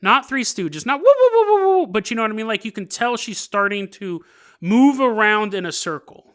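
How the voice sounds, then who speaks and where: A man hosting a podcast, telling a story casually with joking asides and quick laughs. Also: high-pitched, pushed and bright. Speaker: podcast host.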